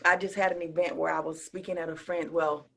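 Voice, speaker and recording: A woman guest in an interview, telling stories and acting out quotes, her voice swinging from soft near-whispers to loud exclamations. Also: low voice, a little fast, gravelly, slight background noise. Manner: animated storyteller who acts out quotes, dropping to a whisper and rising to near shouts. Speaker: interview guest, speaker and coach. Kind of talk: casual interview chat.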